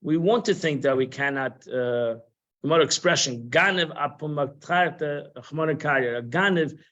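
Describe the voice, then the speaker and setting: Speaking at a normal pace in a voice on the high side with a fairly bright tone, a man teaches an informal Torah class. His talk is conversational and repetitive, sprinkled with Hebrew and Yiddish terms, and the live-stream recording sounds muffled.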